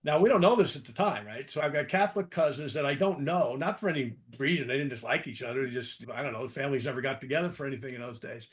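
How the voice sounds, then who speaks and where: A man's voice: mid-range voice, quick pace, hardly any pauses. A man from New Jersey who hosts an interview podcast and talks in a chatty, rambling way with self-deprecating asides. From New Jersey, East Coast. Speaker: podcast host. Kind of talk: casual interview conversation.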